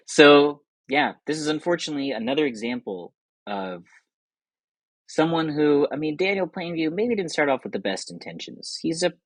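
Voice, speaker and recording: A young man hosting, giving casual and enthusiastic commentary on films, talking quickly and laughing often. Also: a little high, creaky, a bit bright, dry recording, poor audio. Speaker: podcast host.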